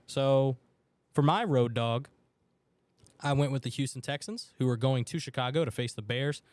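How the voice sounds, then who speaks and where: A man co-hosting a sports betting podcast in a radio studio, chatting casually and excitably. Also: mid-range voice, moderate pace, dry recording. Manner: excitable, chatty, loud outbursts for his team. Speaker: podcast co-host. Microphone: studio mic.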